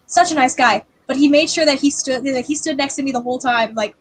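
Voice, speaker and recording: High-voiced animated woman co-hosting. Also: fast talker. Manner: animated storyteller, acts out quotes. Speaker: livestream co-host. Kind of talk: casual livestream chat.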